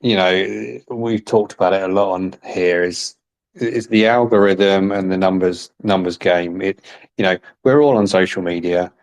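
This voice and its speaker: A man hosts a relaxed interview, chatting and teasing his guest in a fairly low voice. He talks easily, nudging the conversation along with friendly encouragement. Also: moderate pace. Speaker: podcast host interviewer. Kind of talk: casual interview chat.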